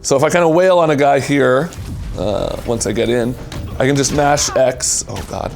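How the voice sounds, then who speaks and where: A man with a mid-pitched voice walks a friend through a video game in loose, casual commentary. He sounds eager as he explains, with faint game music behind him. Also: normal speed, creaky, darkish tone. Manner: eager, explaining while playing. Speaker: host demonstrating a video game.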